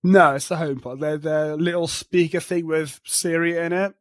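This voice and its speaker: Laughing, swearing podcast co-host, higher man's voice. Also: steady tone, normal speed, no room sound. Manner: swearing, laughing, reading news aloud. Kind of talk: casual podcast chat.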